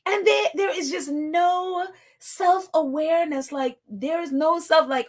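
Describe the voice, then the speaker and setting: A woman hosting a podcast, talking in casual commentary, animated and exasperated, with bursts of incredulous laughter. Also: extremely high pitch, a little slow. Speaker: podcast host.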